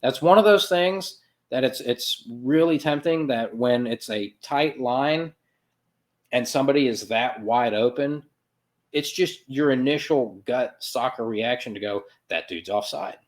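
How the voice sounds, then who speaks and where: A man's voice: medium pitch, unhurried. A man hosting a soccer podcast, recapping a match in a loose, sarcastic monologue with playful sound effects and self-corrections. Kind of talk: casual sports recap monologue.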